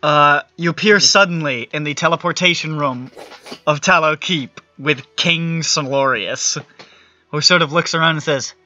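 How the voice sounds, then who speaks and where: A man's voice: a little high, normal speed, pushed and bright, dull audio, faint music behind. A man narrating as game master of a tabletop game, casual and swearing freely.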